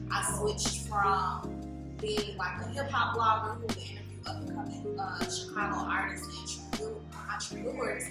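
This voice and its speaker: A woman's voice: mid-range voice, very echoey, distant mic, low-quality recording. A woman in her late twenties, a guest in an interview, talking in a chatty, reflective way with lots of fillers. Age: late 20s. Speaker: interview guest, self-love blogger. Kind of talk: casual interview conversation.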